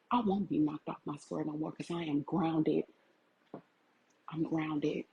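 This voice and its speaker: A woman's voice: low voice, steady tone, measured pace, vocal fry, pauses often, slightly rough, lo-fi sound. A woman, giving an impassioned, tearful talk to her livestream viewers. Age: 40s. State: crying. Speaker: vlogger.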